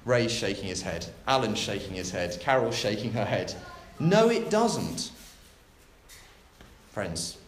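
Animated preacher in echoey church. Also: male voice, on the low side, slight background noise. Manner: expressive, dramatic delivery with big pauses. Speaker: church minister. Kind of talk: sermon.

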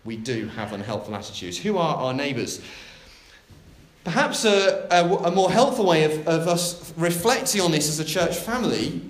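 In an echoing church, a man delivers a sermon with lively drama, his fairly high-pitched voice rising and falling widely between big pauses. Faint hiss and clicking sit beneath the recording.

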